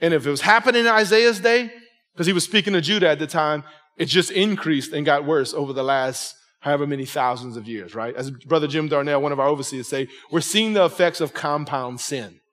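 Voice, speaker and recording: A man's voice: a little high, a little fast, fairly bright tone, long reverb tail. A man in his forties preaching a sermon to his congregation, emphatic and conversational, often checking in with "right?". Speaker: pastor. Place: church sanctuary with congregation.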